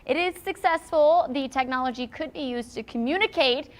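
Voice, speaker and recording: A female news anchor reading a science story in a bright, enthusiastic way. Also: high voice, moderate pace.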